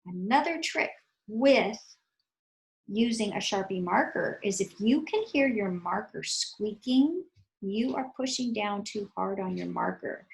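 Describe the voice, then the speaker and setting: A woman's voice: medium pitch, creaky, rough recording. A woman art teacher giving a patient, step-by-step drawing lesson for children, counting her strokes aloud as she works.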